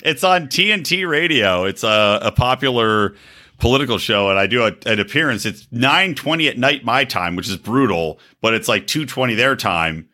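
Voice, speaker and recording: A man co-hosting a crude comedy podcast, talking in animated banter and slipping into mock accents. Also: mid-range voice, normal speed. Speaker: podcast co-host.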